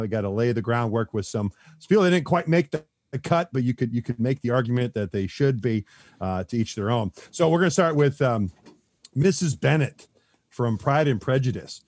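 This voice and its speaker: Husky guy on a podcast, rambles with tons of ums, dry close sound. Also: mid-range voice, darkish tone, no echo. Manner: rambling, heavy on fillers and restarts, chuckles often. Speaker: podcast guest. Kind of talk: casual podcast chat.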